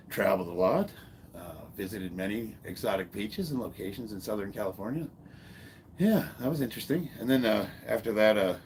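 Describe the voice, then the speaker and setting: A man in his fifties, a former Marine, telling a long personal story in a casual, halting way, swearing freely and stopping to restart his sentences. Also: fairly low pitch, slight background noise. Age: 50s. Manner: halting, profane, full of fillers and restarts. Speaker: fitness vlogger and former Marine.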